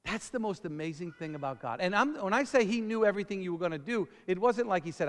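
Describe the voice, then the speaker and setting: A man preaching with lively, call-and-response energy, his voice sitting high for a man. His words ring out into a big hall with a long reverb tail. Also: fast talker. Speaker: pastor. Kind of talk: sermon.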